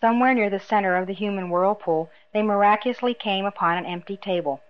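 A woman reading a novel aloud in a measured, even narration. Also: medium pitch, dull audio. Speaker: audiobook narrator. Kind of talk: scripted narration.

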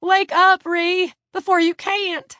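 A woman's voice: extremely high pitch, flat delivery, takes it slowly, sharp tone, dry recording, clean studio sound, pitched above the performer's own voice, heavily acted. A woman voicing a frightened middle-aged female inmate who pleads desperately and tearfully. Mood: frantic.

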